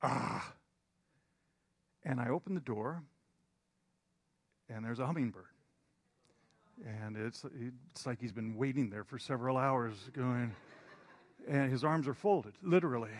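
A man preaching in a storytelling style, rambling and self-deprecating, with hesitant restarts. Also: mid-range voice. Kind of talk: storytelling sermon.

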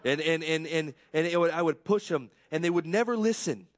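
A man's voice: on the high side, brisk, dry recording. Earnest man preaching, dry close sound. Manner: earnest, self-deprecating, repeats words when worked up. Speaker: pastor. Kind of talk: conversational sermon.

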